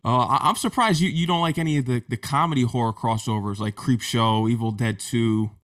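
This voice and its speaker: A man's voice: mid-range voice, fairly quick, a bit bright. A man hosting an interview, asking questions in a friendly, enthusiastic way with frequent restarts. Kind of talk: casual interview chat.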